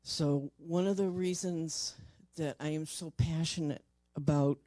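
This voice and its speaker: A woman's voice: deep voice, fairly even intonation, dry recording. Older woman telling an emotional story. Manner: halting, repeats words, voice drops soft in tender moments. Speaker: paranormal investigator.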